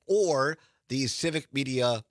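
A man's voice: medium pitch, slow, no room sound, clean studio sound. A man hosting a radio talk show, chatting casually and laughing often. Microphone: studio microphone.

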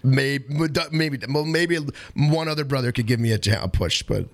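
A man's voice: medium pitch, animated, moderate pace, creaky. A man appearing as a guest, bantering and teasing the host with jokey asides. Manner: playful, teasing, jokey interruptions. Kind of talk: joking banter.

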